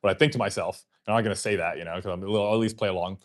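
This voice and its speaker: Racing along in a low-pitched voice with fairly even intonation, a livestream host rambles through a long, casual story. He swears, uses lots of fillers and dramatizes remembered conversations.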